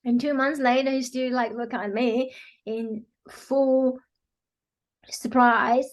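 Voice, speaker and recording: Brief: woman healer explaining her practice, earnest, slightly higher pitch, loose filler-heavy phrasing. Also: fairly even intonation, takes it slowly. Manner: earnest, many "you know" fillers, acts out quotes. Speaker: quantum healing practitioner, guest. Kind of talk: explanatory interview talk.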